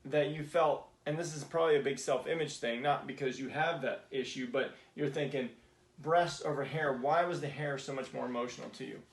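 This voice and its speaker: A man hosting a casual chat over whiskey, agreeable and quick to laugh. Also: mid-range voice, reverberant. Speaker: podcast host.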